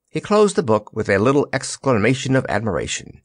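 A man reading a children's storybook aloud with lively, expressive narration on a close mic. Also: medium pitch, fairly quick, hardly any pauses, no room sound. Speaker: audiobook narrator.

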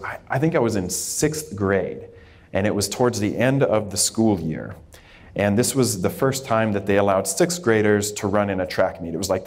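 Man, fairly deep voice, informal talk to students, reflective, some fillers and restarts. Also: a little mellow. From Idaho, USA. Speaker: dermatologist speaking to students.

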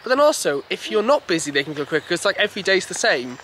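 A young man chatting casually, explaining things in a quick, animated way. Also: high-pitched, a little hiss or hum. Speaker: co-host. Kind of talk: casual chat.

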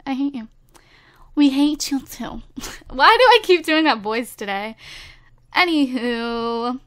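A woman's voice: fairly high pitch, a bit bright, smooth. A woman hosting a casual let's-play, chatting to her viewers and teasing the game characters, with lots of filler words. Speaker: gameplay video host.

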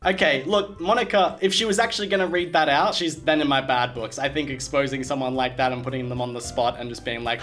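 A young man streaming a game, reacting with animated, sarcastic, slangy comments and frequent laughter. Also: medium pitch, quick pace, hardly any pauses, soft background music. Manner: laughs often. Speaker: gaming streamer. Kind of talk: let's play commentary.

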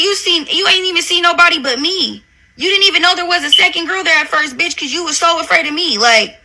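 On her livestream, a reality TV personality unleashes a furious, profane tirade against the person who wronged her, saying "bitch" again and again. Her voice is high-pitched with a sharp edge.

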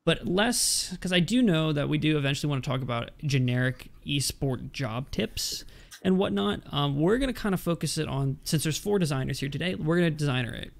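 A man's voice: a little high, expressive, fairly quick, gravelly. A man hosting a casual podcast chat, rambling and correcting himself as he jokes around. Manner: rambling, self-correcting, joking. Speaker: podcast host.

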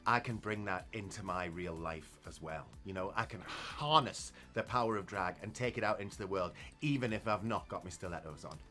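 A man's voice: low voice, fairly quick, few pauses, bright, forceful tone, faint music behind. A man who performs in drag, chatting in an interview with dry, teasing wit. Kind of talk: casual chat.

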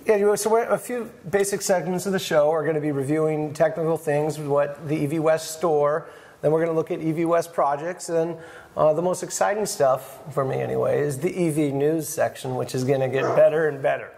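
A man's voice: a little high, steady tone, fairly quick, creaky, a little mellow. A man co-hosting a casual workshop show, joking and wisecracking. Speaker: co-host. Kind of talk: casual shop talk.

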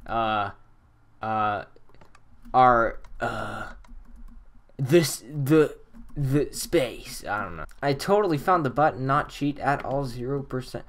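A man giving casual gameplay commentary at his computer, muttering to himself with sudden excited outbursts. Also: mid-range voice, slow, pauses often. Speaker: gaming channel host.

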